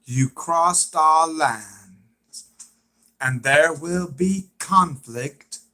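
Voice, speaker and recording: A man's voice: fairly high pitch, sharp tone, heavily acted. A man doing a stern wolf pack leader woman. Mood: threatening. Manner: slow, deliberate, menacing.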